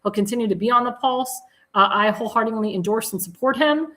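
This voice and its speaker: A woman's voice: a little high, quick pace, bright, forceful tone, rough recording. A woman hosting a live political talk show, plugging candidates with enthusiasm, repeating calls to donate and correcting herself mid-sentence.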